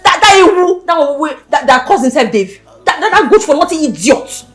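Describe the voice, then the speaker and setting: A woman with a Nigerian accent playing a brash, loud-mouthed young village woman who rants and hurls insults in pidgin. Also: high voice, animated, brisk, faint music behind. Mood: indignant.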